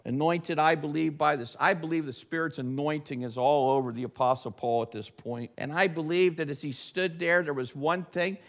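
A man preaching a sermon, dramatic, swinging between loud emphasis and low, hushed lines. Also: vocal fry.

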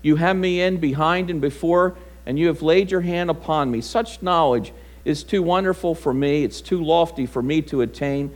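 Man, middle-aged pastor, voice sits a bit high; folksy, chatty sermon delivery. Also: moderate pace. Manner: folksy storytelling, conversational. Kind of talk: sermon with personal story.

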